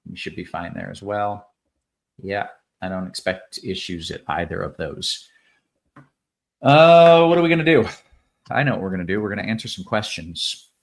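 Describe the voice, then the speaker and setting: A man hosting a casual fantasy sports show, reading promos and chat questions in an upbeat, easygoing way. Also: lowish voice. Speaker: host.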